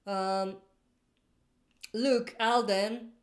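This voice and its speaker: A woman's voice: mid-range voice, steady tone, drawn-out words. A woman hosting a casual live stream, reading out viewer comments and answering in a rambling way, often stopping to correct herself. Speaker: livestream host answering viewer questions.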